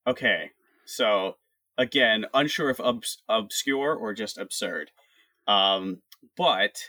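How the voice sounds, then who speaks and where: A man's voice: on the low side, slow pace, bright, forceful tone, dry recording. A man who is a guest on a podcast game, chatting casually and reading out summaries with playful dramatic flair.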